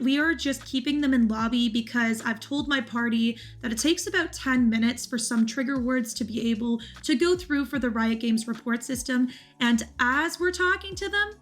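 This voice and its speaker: A woman hosting a gaming video, giving an earnest, cautionary voice-over about gameplay clips. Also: sits high.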